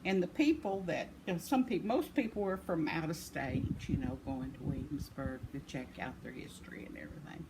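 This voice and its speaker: A woman's voice: deep voice, brisk, few pauses. An older woman, casually telling a rambling story with self-deprecating chuckles. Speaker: vlogger. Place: home. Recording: noisy home recording.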